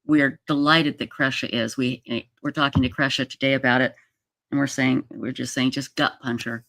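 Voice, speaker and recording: A livestream host chatting casually and reading viewer comments aloud, emotional and halting, with many fillers. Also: medium pitch, fairly even intonation, gravelly, fairly bright tone, no room sound.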